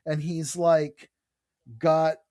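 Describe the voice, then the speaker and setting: Here the voice is a little high, monotone and dark, with drawn-out words, captured in a dry, studio-quality recording. This man co-hosts a podcast, enthusiastically and casually discussing comic books and reading lines of dialogue out loud.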